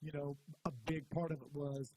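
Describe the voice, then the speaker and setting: A pastor who co-hosts a podcast, speaking in a somewhat high-pitched man's voice. He chats casually and keeps backing up his guest with quick agreement. Hiss from the background runs under everything he says. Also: flat delivery, dull audio. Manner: chatty, affirming, keeps saying "yeah".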